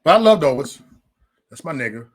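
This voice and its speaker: A man hosting a casual livestream, with a slightly high voice that swings up and down constantly. He jokes loudly, swears freely and laughs often as he banters with his viewers. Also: very animated, normal speed. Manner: loud, joking, profane banter with frequent laughs. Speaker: live stream host.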